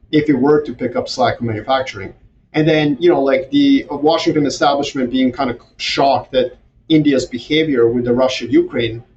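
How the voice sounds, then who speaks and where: A man who grew up in Europe and the Middle East, talking as a podcast guest in a sarcastic, animated way with mocking asides. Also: medium pitch. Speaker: guest strategist. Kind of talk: casual podcast conversation. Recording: distant, dull, slightly noisy remote audio.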